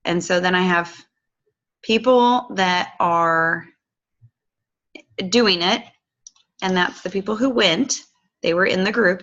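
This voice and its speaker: A woman's voice: medium pitch, creaky, fairly bright tone, dull audio. A woman walking viewers through a casual screen-share tutorial, chatty and affectionate with loose fillers.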